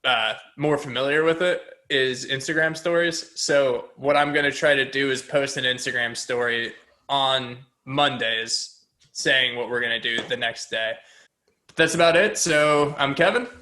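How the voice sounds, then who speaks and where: Bright-voiced man hosting a podcast. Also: measured pace. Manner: rambling, laughing, acts out movie lines in a high voice. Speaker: podcast co-host. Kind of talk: casual chat.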